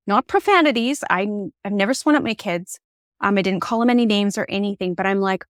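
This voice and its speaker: A woman in her forties, a podcast guest, telling a personal story in an expressive, candid way. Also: medium pitch, a little fast, no room sound, clean studio sound. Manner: candid and reflective.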